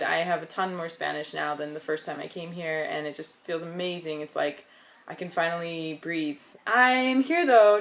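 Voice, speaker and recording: A young woman from the United States chatting casually in a vlog, bubbly and excitable. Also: fairly low pitch. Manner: bubbly and excitable, with frequent laughs. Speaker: vlogger.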